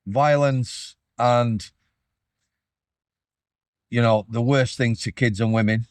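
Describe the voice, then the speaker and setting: A man's voice: medium pitch, fairly even intonation, slow, no room sound, clean studio sound. Blunt man hosting. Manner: probing, leads with questions and blunt asides. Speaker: host, former prison officer. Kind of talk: casual interview chat.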